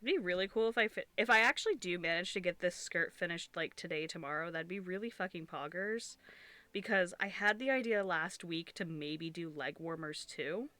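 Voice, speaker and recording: A woman's voice: fairly low pitch, expressive, moderate pace, pushed and bright, no room sound. Congested young woman rambling casually. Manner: rambling, swears casually, trails off and restarts. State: congested, sniffling. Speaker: streamer. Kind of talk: casual chat while crocheting.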